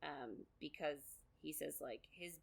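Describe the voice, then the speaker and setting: A woman's voice: low-pitched, unhurried, vocal fry, slightly rough. A woman co-hosting a podcast, chatting casually through a book recap with lots of fillers and quoted asides. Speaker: podcast co-host.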